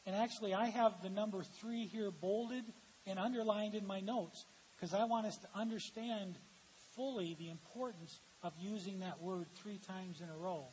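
A man's voice: sits high, moderate pace, darkish tone. A man preaching a sermon as pastor, reading quotations aloud and asking the congregation for answers. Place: church sanctuary. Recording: long hall reverb with faint hiss.

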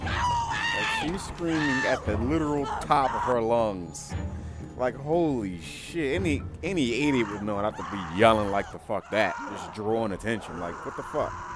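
Profane excitable gaming streamer man. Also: medium pitch, unhurried, raised voice. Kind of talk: casual let's-play commentary. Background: game music.

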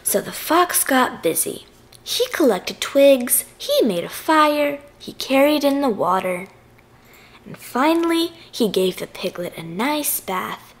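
A woman narrating a children's picture book aloud in a playful, expressive way. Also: high voice, slow pace.

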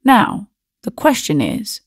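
A woman's voice: medium pitch, wildly swooping pitch, takes it slowly, husky, dry recording, clean studio sound, full character voice. A woman reading the part of a grand, bossy elder spinster sister who speaks in a lofty, firm way.

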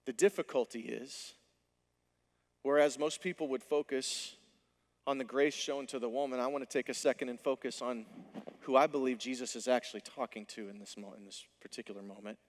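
A male pastor delivering a sermon, telling the story with animated delivery and acting out the dialogue. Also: medium pitch, fairly quick, long reverb tail.

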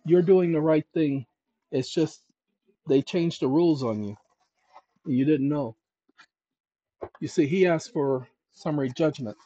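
A man's voice: fairly high pitch, a little slow, pauses often, dry recording. Emphatic man explaining legal steps. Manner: emphatic, addresses viewers as ladies and gentlemen; thinks aloud while searching documents. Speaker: channel host. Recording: dull lo-fi dry recording.

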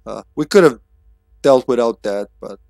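A man's voice: mid-range voice, normal speed, creaky, a little mellow, dry recording. Male game streamer, casual thinking-aloud commentary with light laughs; dry, close recording. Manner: musing, chuckling, reads game notes aloud.

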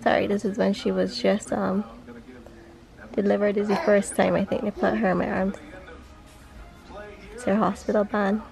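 A woman's voice: mid-range voice, level tone, normal speed, creaky, pauses often, a little mellow, faint music behind, rough recording. A woman and mother talking casually in a vlog, chatty and loose with fillers. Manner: playful sing-song when counting with her baby. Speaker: mother and vlogger.

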